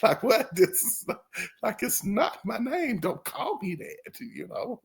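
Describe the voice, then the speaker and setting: Guy chatting to his channel, high lively voice, slow and rambly, laughs a lot. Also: vocal fry. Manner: laughs often, rambling, imitates others. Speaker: channel host. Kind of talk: casual storytelling to camera.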